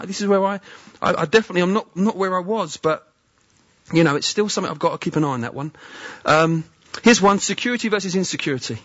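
A man's voice: sits high, animated, fairly quick, fairly bright tone, breathy edge, no echo, dull audio. A man preaching a conversational sermon, often asking the listeners questions. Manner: chatty, asks the listeners questions.

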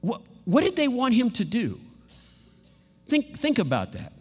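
A man preaching a sermon in a lively, animated way, often acting out what others say. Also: very high-pitched, measured pace, breathy edge, big-room sound, faint music behind. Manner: animated, acts out quotes in playful voices.

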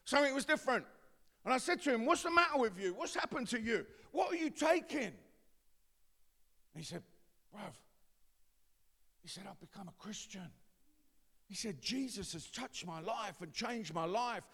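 A man with an East London accent preaching a testimony sermon, dropping to quiet confiding and building to loud shouts. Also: extremely high pitch, expressive, moderate pace, long pauses. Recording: long hall reverb.

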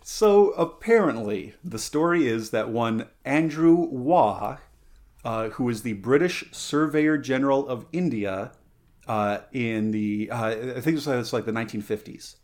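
A man in the middle of the male range hosts a relaxed podcast chat. He talks in loose, rambling bursts, filling pauses with "uh" and "like" and often restarting a thought. His tone is playful, and he keeps drifting into tangents. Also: mid-range voice. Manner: rambling, full of fillers and self-corrections. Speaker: podcast host.

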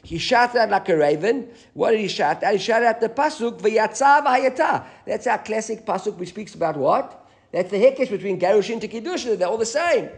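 Animated man teaching a Talmud class. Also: high voice, fairly quick, vocal fry. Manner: animated, mixes English with Aramaic readings.

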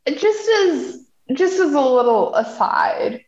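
A woman's voice: high-pitched, lively intonation, slow pace, a little mellow, reverberant, highs cut off. A woman co-hosting a casual chat, laughing often and making sarcastic asides. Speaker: podcast co-host.

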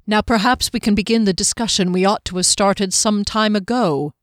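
A stiff, proud captain keeping tight control of his words, as a woman reads him. His lines come measured and clipped, in a dry, close storybook reading. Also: high-pitched, fairly even intonation, fairly bright tone, dry recording.

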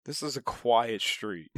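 A man's voice: medium pitch, takes it slowly, no room sound, studio quality. A man in casual podcast chat, telling stories with lots of swearing and laughter. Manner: animated storyteller, swears a lot, laughs often.

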